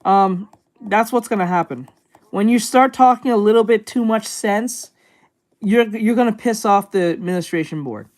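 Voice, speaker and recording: A woman's voice: medium pitch, moderate pace, a little mellow. A woman host giving casual reaction commentary, blunt and profane, rambling with many restarts.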